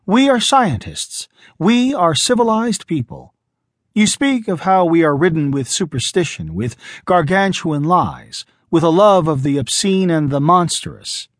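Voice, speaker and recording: A man's voice: high voice, no echo, clean studio sound. A man voicing a composed male scientist earnestly pleading his case. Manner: calm, controlled, then impassioned.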